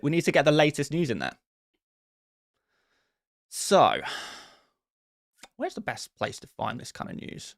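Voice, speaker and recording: Male fantasy football streamer, casual rambling live chat, fairly high voice. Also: fairly bright tone, no room sound, studio quality. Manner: rambling, with many restarts and fillers.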